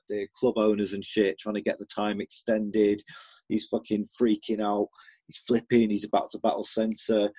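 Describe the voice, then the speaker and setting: A UK battle rapper, a man with a fairly low, warm voice that has a breathy edge, chats casually as a guest in an interview. He's laid-back and swears plenty while telling stories, and the recording is dry and lo-fi.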